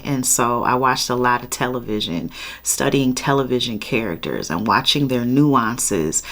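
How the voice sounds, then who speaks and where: Very deep-voiced woman telling a story. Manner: expressive, laughs while telling. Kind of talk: casual personal storytelling.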